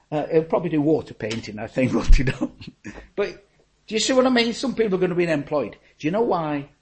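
An older man preaching a sermon in a fairly high voice. He is animated and folksy, rising to loud exclamations, then dropping to near-whispers. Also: low-quality recording. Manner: animated, swings from loud to hushed. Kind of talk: sermon with personal stories.

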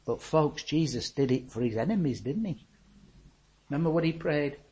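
An older man preaching a sermon in a fairly high voice. He is animated and folksy, rising to loud exclamations, then dropping to near-whispers. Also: normal speed, low-quality recording. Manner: animated, swings from loud to hushed. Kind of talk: sermon with personal stories.

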